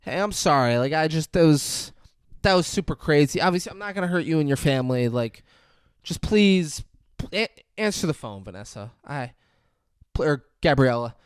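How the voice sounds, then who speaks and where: A man's voice: fairly high pitch, expressive, normal speed, clear, resonant tone, dry recording, studio quality, lightly acted. A man voicing a volatile, obsessive teenage boy who leaves ranting voicemails, swinging between threats and pleading.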